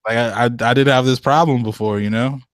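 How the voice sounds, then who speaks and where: Young man, podcast co-host, casual chat, slangy and profane, voice leaps high when riled, dry close sound. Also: fast, smooth, dry recording. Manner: animated, slangy, swearing, jumps up in pitch when riled.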